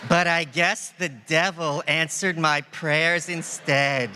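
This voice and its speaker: A man voicing an insulting, wisecracking male puppet dummy in a ventriloquist stage act, with a slow, mocking roast delivery. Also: fairly high pitch, steady tone, noisy background. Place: large event hall on stage. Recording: reverberant hall, faint ambience.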